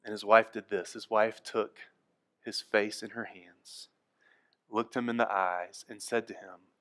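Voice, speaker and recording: A male pastor delivering a sermon, moving between quiet, hushed passages and loud, emphatic ones. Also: lowish voice, steady tone, measured pace. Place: church.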